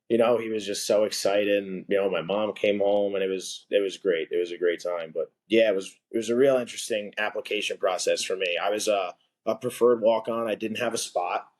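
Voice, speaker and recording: A young man appears as a podcast guest, casually telling a rambling story packed with the filler word "like." His voice is on the low side and a little mellow.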